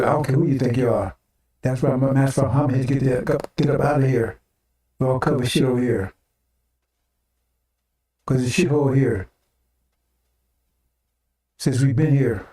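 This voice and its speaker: A man's voice: mid-range voice, warm tone. An older man giving an informal sermon broadcast, talking rhetorically, repeating phrases and tagging on "right?" and "see?". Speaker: preacher. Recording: echoey room, mic at a distance.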